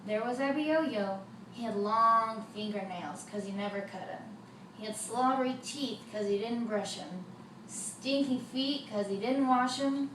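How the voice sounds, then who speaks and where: A woman telling a folk tale for children, with lively sound effects, in a roomy recording from a distant mic with faint noise. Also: a little high, a little slow. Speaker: storyteller.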